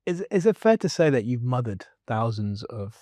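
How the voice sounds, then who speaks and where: A man hosting a podcast interview, asking quick, probing questions and summing up his guest's points. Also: medium pitch, sing-song, warm tone, dry recording. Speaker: podcast host.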